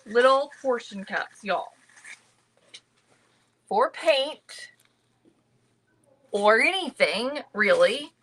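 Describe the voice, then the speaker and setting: A woman's voice: on the high side, animated, extremely slow, long pauses, fairly bright tone, rough recording. A woman hosting a live crafting stream, chatting casually about thrift finds and greeting viewers by name. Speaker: crafting livestream host. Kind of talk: casual thrift haul chat.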